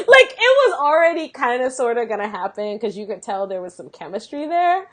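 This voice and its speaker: A woman's voice: a little high, brisk. A woman co-hosting a podcast, chatting casually and laughing often. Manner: giggly, expressive. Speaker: podcast co-host. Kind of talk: casual chat.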